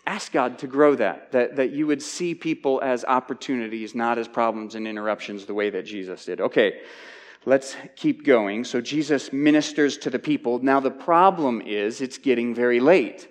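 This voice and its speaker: A man's voice: mid-range voice, moderate pace. A man teaching through a Bible passage in a conversational sermon, often repeating words as he restarts his thoughts. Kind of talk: expository sermon. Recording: long hall reverb.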